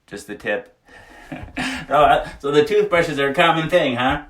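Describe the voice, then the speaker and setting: Sitting well back from the microphone in an echoey little wooden sauna, this livestream host speaks in a highish, animated, fairly bright voice at normal speed. He reads viewers' comments out loud, laughing a lot and cracking frank jokes.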